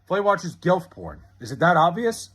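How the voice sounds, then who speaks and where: A man's voice: sits high, very animated, moderate pace, fairly bright tone. A young man from Long Island, casually chatting with viewers on a livestream and swearing freely as he rambles through their comments. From Long Island, New York. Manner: profane, rambling, jokey. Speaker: livestream host reading chat. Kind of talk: casual live-stream chat.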